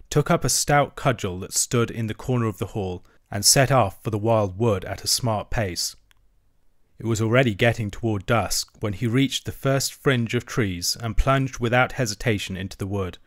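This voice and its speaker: A man's voice: medium pitch, no echo. Man reading a storybook aloud, dry sound. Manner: measured, expressive storytelling. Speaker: narrator. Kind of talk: audiobook reading of a classic novel. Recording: dry close recording.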